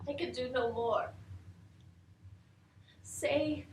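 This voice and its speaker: An actress playing a brave, cheerful middle-aged woman trapped in a mound, on a live theatre stage, swinging between loud outbursts and hushed whispers. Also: high-pitched, extremely slow, slight background noise. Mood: musing. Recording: echoey live theatre recording.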